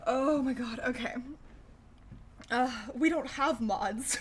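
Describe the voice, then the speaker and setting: Sarcastic young woman livestreamer, fairly high voice. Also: slow pace. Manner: sarcastic, profane, laughs often. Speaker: livestream host. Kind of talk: casual livestream chat reacting to news.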